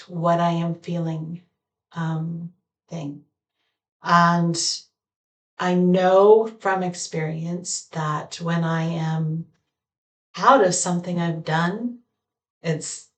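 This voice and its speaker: Slow, reflective woman in an echoey room. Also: lowish voice. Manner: meandering, thoughtful, many pauses and fillers. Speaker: vlogger. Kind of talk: reflective solo talk to camera. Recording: echoey room, voice far from mic.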